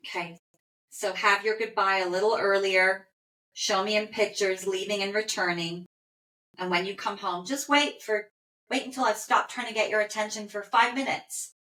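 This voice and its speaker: A woman animal communicator leading a session, speaking gently and heartfelt, with soft affirmations. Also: mid-range voice, steady tone, normal speed. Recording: roomy echo.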